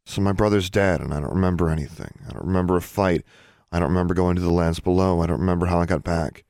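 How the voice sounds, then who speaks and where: A man's voice: low voice, fairly even intonation, fast talker, darkish tone, dry recording, studio quality. A man voicing Alexandra, an upset, defiant teenage girl student, in a lightly raised, tense voice in an audiobook. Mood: numb.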